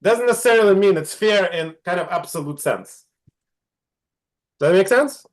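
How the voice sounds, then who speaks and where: A man's voice: sits high, expressive, moderate pace. A middle-aged man teaching an online class, asking the students questions and often checking in with "right?". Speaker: instructor.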